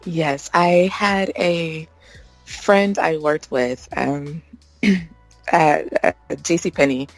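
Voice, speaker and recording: A woman's voice: deep voice, steady tone, extremely slow, no room sound, soft background music, poor audio. A woman in her thirties, a podcast guest telling stories of motherhood, acting out what people said and laughing often. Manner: warm storytelling, acts out quotes, laughs often. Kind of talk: casual interview chat.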